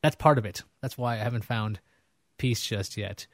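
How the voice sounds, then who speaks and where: A man's voice: on the low side, moderate pace, no echo, clean studio sound. A man hosting a casual interview show, joking and rambling with fillers. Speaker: host.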